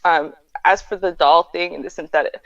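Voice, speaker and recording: A woman hosting a casual livestream advice chat, explaining points in a measured way with a muffled voice. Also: on the low side, steady tone, fairly bright tone, no room sound. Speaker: host. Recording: muffled lo-fi dry sound.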